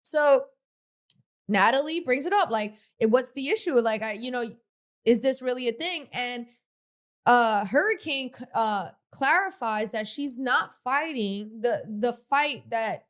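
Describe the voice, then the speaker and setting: A woman's voice: on the high side, animated, measured pace, a bit bright. A woman co-hosting a podcast, giving her opinions on reality TV drama in casual slangy talk full of "like.". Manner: chatty, slangy, opinionated, frequent "like" fillers. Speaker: podcast co-host. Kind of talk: casual reality TV recap chat.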